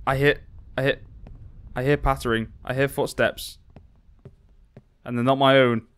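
A man's voice: medium pitch, flat delivery, unhurried, fairly bright tone, clear, resonant tone. A young man commentating a horror game as he plays, talking to himself and jumping into panicked screams. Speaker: gaming YouTuber.

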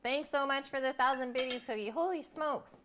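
A woman's voice: high-pitched, a little fast, fairly bright tone, a little hiss or hum. A woman hosting a live cooking stream, chatting casually and reading out viewer comments as she tastes food at home. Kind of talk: casual chat while eating.

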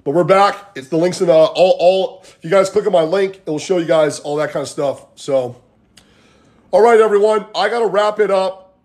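A man with a high-pitched, darkish voice and a moderate pace runs a fitness coaching livestream from home, captured on his phone. His talk is loose, rambling and motivational, peppered with "like" and "guys."

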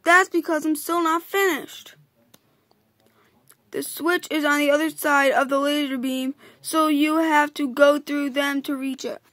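A bossy female spider hacker lays out the plan, read by a woman in her own high voice. The delivery is halting, with frequent restarts. The sound is dry and close. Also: fairly even intonation, a bit bright, dry recording. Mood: explaining, bossy.

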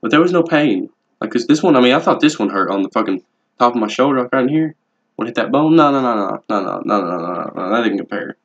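Talking quickly at medium pitch with lively intonation, a young man rambles through a casual vlog about his tattoos. He's blunt, relaxed, and profane, and the home video audio is dull and lo-fi.

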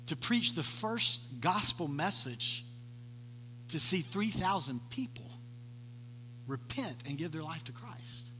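Pastor guy preaching, high bright voice, acts out the story, echoey hall with a faint hum. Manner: animated storytelling, acting out voices of the people in the story. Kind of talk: sermon.

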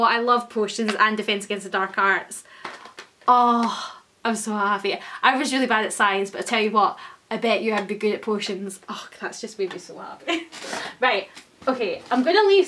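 A young woman, gushing and excitable as she chats through an unboxing for her vlog. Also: medium pitch, a little hiss or hum. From Scotland. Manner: gushing, excitable, many exclamations. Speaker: vlogger. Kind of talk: casual unboxing chat.

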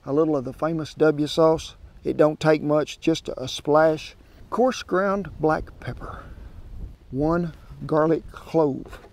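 A man's voice: on the high side, slow, a little mellow. A man with a Southern American accent hosting an outdoor cooking show, chatting in a homespun way to the folks watching. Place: outdoors at a smoker grill. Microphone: wireless clip-on mic.

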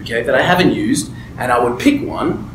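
A man's voice: mid-range voice, wildly swooping pitch, a little fast, fairly bright tone, roomy sound, slight background noise, rough recording. A man mentoring a small group, talking emphatically and candidly and often checking in with "right?". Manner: candid personal storytelling. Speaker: business mentor. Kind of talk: motivational talk to a small group. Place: room with a table and a small group.

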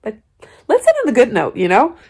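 A woman's voice: on the high side, wildly swooping pitch, a little fast, darkish tone, slight background noise. A young woman vlogging at home, bluntly ranting about a book and cooing at her kittens. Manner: cooing baby talk to kittens. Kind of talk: casual vlog chat.

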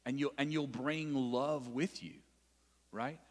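A man's voice: mid-range voice, fairly even intonation, slow. A male youth pastor preaching to students in a conversational way, often repeating himself and checking in with "right?". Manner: conversational, repeats phrases, frequent "right?" asides. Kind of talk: sermon to students. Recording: long reverb in a hall.

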